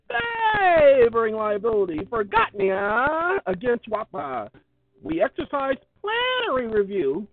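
A man hosting his own video, talking casually and emphatically as he reads out parts of a court ruling. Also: high voice. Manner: emphatic, repetitive, preachy. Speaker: online video host. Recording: tinny phone-like sound.

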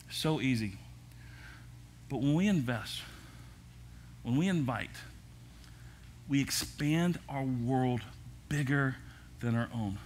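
Older male pastor preaching lively. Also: mid-range voice, slight background noise. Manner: lively preaching with jokes and asides. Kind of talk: sermon. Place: church service.

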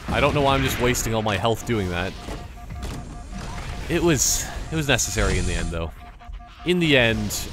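Animated joking man narrating gameplay. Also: medium pitch, a little hiss or hum. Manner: joking, rambling, exclaims often. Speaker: gaming channel host. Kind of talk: casual gameplay commentary.

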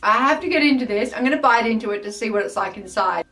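A woman's voice: fairly high pitch, animated, quick pace, fairly bright tone, faint music behind. A woman with an Australian accent, hosting a casual taste-test vlog in a chatty, self-mocking, exclamatory way. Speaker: food taste-test vlogger.

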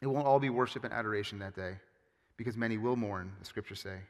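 A man preaching a sermon as pastor, with animated, emphatic storytelling and frequent restarts. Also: lowish voice, fast. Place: church sanctuary. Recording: long hall reverb.

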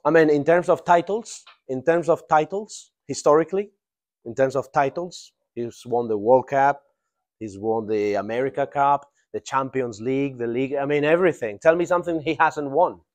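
A man's voice: medium pitch, moderate pace, a little mellow. A man teaching an English grammar class, repeating phrases, laughing and checking that students follow. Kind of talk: live classroom grammar lesson.

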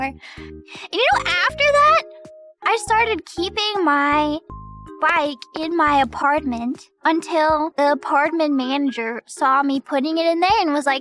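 Very high, bright giggly woman. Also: unhurried, faint music behind. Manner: giggly, laughs often while talking; animated, jumps higher when excited. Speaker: streamer. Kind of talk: casual storytelling chat.

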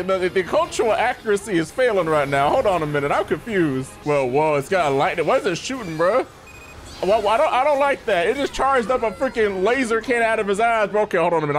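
Man, gaming commentary, high voice, wild pitch swings, excitable and slangy. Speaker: gaming YouTuber. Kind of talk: let's play commentary. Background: faint game music.

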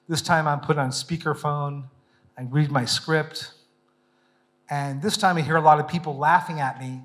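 A middle-aged man, a photojournalist giving a public talk, telling stories in a self-mocking, animated way and acting out the voices he quotes. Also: a little high. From United States.

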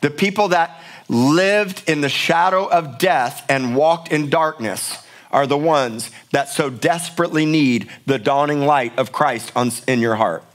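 A man's voice: on the high side, measured pace. A middle-aged male pastor preaching a sermon in a church, emphatic and passionate, often repeating words for force. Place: church sanctuary.

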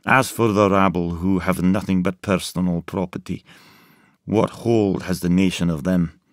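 Stern old judge in an audiobook, gruff and declaiming, deep voice; a male reader does him. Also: steady tone, normal speed, dry recording, studio quality, close to an everyday voice. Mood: scornful.

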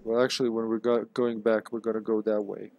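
A man's voice: on the low side, level tone, fairly quick, creaky, a little mellow. A man streams a horror game live and comments as he plays. He jokes and throws in sarcastic asides. He talks back to his viewers in a casual way. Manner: joking, sarcastic, chatting with viewers.

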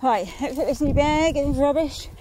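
A woman's voice: high-pitched, moderate pace, dark tone, slight background noise. A woman chatting casually outdoors in the fields, grumbling and swearing freely as she walks. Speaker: mother vlogging a countryside walk. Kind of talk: casual outdoor vlog chat.

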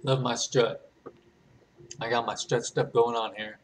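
A man talking casually through a game, playful and thinking aloud as he goes. He laughs easily at what happens on screen, and his voice sits at an ordinary middle pitch. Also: level tone, unhurried, a little hiss or hum. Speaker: gaming channel host.

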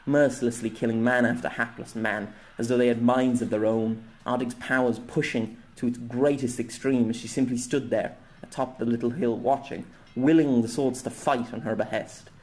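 Man narrating a fantasy audiobook. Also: medium pitch. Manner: dramatic storytelling, voicing characters. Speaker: narrator and author. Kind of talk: audiobook narration of own novella.

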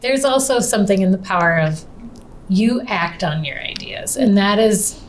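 A woman's voice: medium pitch, animated, normal speed. Thoughtful woman host, faint hiss. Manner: thoughtful, hesitant, searching for words. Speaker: podcast host. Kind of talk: casual interview chat.

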